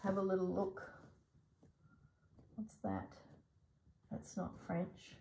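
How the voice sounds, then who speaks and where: A woman hosting a sewing vlog who thinks aloud as she works, musing to herself in a soft, half-whispered voice. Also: fairly low pitch, steady tone, takes it slowly, pauses often, slight background noise. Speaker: sewing channel host.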